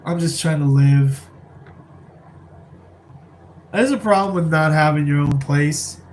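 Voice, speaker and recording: A man's voice: a little high, slow, a little hiss or hum, poor audio. A man casually chatting on a live stream, rambling and laid-back while answering viewers from a rented apartment, keeping his voice down.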